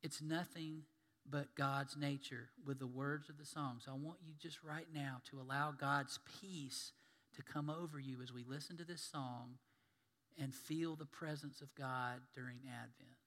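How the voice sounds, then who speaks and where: A male pastor preaching a sermon, telling stories and swinging from loud emphasis to hushed tones. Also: medium pitch, steady tone, measured pace, in a large hall.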